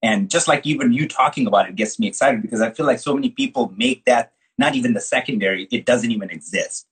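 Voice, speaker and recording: A man hosting a casual interview, talking in an animated, slangy way and calling his guest dude. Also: mid-range voice, quick pace, breathy edge, low-quality recording. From from the US Midwest. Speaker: host, colorist.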